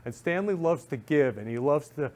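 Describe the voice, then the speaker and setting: A man's voice: fairly high pitch, expressive, moderate pace, a little mellow. A man hosting a talk show in a studio, effusive and repetitive, constantly telling guests he loves them.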